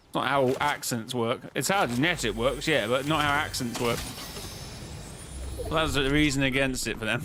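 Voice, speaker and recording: A man's voice: medium pitch, normal speed, long pauses, pushed and bright, slight background noise. A man streaming and chatting casually about game-lore theories, rambling, restarting himself and answering his chat. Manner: rambling, talks to chat, frequent restarts and self-corrections.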